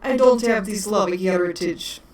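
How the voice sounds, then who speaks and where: A woman's voice: mid-range voice, normal speed, darkish tone. A woman with a Wisconsin accent, chatting and laughing as game master of a tabletop game. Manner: giggly, chatty, talks to her pets. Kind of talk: casual tabletop chat. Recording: echoey room, distant mic, faint noise.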